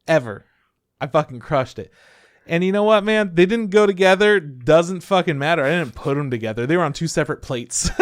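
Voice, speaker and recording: A man's voice: on the high side, animated, fairly quick, dry recording, studio quality. A man co-hosting a podcast in casual chat, laid-back, swearing freely and laughing often. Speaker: podcast co-host.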